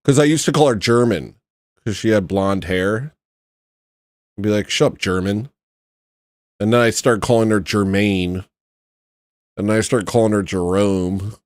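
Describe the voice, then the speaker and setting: Male radio host, low-ish voice, dry close sound, loose joking ramble. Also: moderate pace, long pauses, no echo. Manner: joking and rambling, laughs at his own stories. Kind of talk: casual late-night radio chat.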